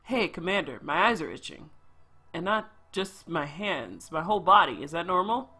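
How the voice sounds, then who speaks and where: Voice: mid-range voice, very animated, moderate pace, sharp tone, husky, exaggerated voice. A streamer reading out the lines of a cheeky young man in a survival game, teasing and casual.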